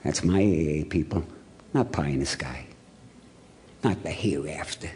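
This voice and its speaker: A man from Ohio telling his recovery story to a meeting, blunt and gruff, swearing freely as he acts out the scenes. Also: rumbling low, unhurried, darkish tone, slight background noise. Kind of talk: storytelling talk to an audience.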